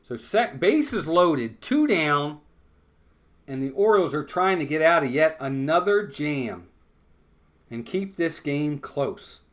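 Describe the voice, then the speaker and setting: A man calling a live baseball game play-by-play, conversational and quick to get worked up over big plays and errors. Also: a little high. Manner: conversational, excitable on big plays, blunt criticism. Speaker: fan play-by-play commentator.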